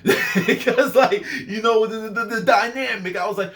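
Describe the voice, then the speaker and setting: Young man, casual vlog storytelling, rambling, lots of asides, lively pitch. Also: normal speed, hardly any pauses. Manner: rambling, heavy on fillers and asides. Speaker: vlogger.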